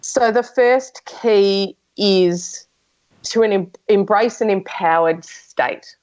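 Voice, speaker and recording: A woman's voice: medium pitch, darkish tone, low-quality recording. A woman speaking as a podcast guest, telling her own story frankly in casual conversation, with many restarts and fillers.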